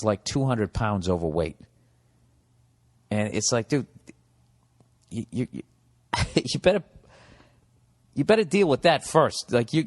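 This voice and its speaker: 40s american guy ranting on his podcast, swears a lot, riffs all over, kinda echoey. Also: fairly low pitch. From United States. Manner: profane, rambling and riffing. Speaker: podcast host. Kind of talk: comedic podcast monologue.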